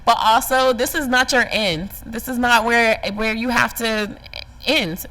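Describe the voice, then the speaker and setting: Bright-voiced woman podcast host. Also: on the high side, steady tone, unhurried, poor audio. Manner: frank and emotional, talks straight to listeners. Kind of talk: candid podcast monologue.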